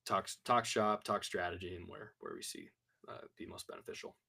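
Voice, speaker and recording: A man's voice: sits low, huge pitch swings, normal speed, creaky, pushed and bright, husky. A man co-hosting a casual marketing chat over a video call, rambling with frequent restarts. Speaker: co-host.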